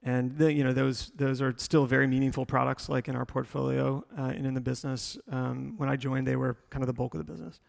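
A man's voice: medium pitch, flat delivery, fast talker, creaky, few pauses, in a large hall. A middle-aged man, a tech executive, telling his story in a rambling way full of fillers and restarts during a live interview on stage. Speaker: tech company executive guest.

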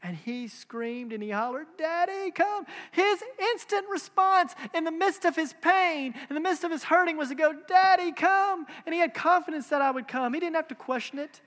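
A man's voice: very high voice, brisk, hardly any pauses, a bit bright. A man in his thirties preaching a sermon, earnest and emphatic, with repeated phrases and rhetorical questions. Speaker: pastor. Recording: long hall reverb.

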